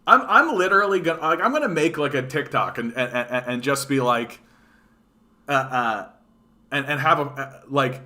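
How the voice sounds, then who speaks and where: Canadian guy ranting about the news, bright sharp voice, swears a lot, sarcastic. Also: medium pitch, expressive, normal speed. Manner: profane, sarcastic, reads news aloud and reacts. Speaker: political commentary streamer. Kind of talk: casual political rant.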